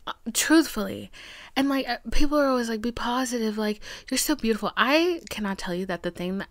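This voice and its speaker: A woman in her twenties hosting a podcast, talking candidly and bluntly, swearing freely and dropping into hushed asides. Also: medium pitch, no echo. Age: 20s. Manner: blunt, profane, emphatic, dips into hushed asides. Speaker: podcast host. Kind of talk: candid personal monologue.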